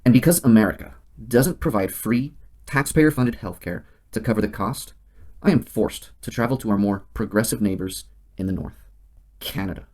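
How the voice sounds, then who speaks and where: A man hosting a scripted satirical monologue and delivering it in a deadpan, mock-serious way. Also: lowish voice, moderate pace. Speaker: host.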